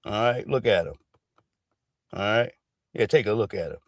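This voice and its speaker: A man's voice: fairly low pitch, moderate pace, dry recording, studio quality. A man commenting on a livestream, talking bluntly and profanely, punctuating nearly every sentence with a questioning "all right". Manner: emphatic, profane, repeats "all right" constantly. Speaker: stream commentator.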